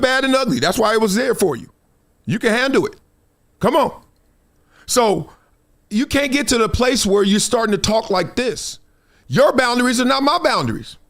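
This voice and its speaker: A man hosting a live sports talk show, animated and laughing often, dropping his voice for quoted asides. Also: extremely high pitch. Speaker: host.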